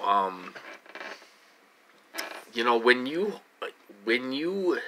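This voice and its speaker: Sharp-voiced man rambling to camera. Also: on the low side. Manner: rambling and repetitive, many fillers; upset, growing agitated. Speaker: vlogger. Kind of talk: personal talk to camera.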